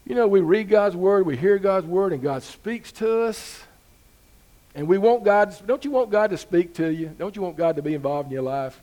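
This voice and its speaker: A man's voice: sits high, moderate pace, mellow. A man preaching a sermon as pastor, talking to the congregation in an easygoing way with rhetorical questions and rising emphasis.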